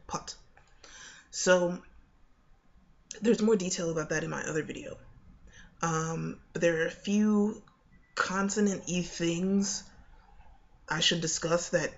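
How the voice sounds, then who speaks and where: A young woman explains pronunciation in a relaxed, chatty way, often pausing on fillers and restarting her sentences. Her voice carries a noticeable creaky fry. The recording sounds dull and lo-fi, like a home video. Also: lowish voice. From United States. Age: young adult. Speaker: accent coach. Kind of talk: casual video lesson.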